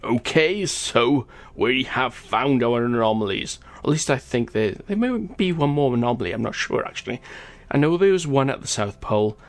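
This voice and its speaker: A man's voice: medium pitch, expressive, moderate pace. A man hosting a gaming channel, chatting casually over gameplay as he reads out viewer comments, often stumbling over names and laughing.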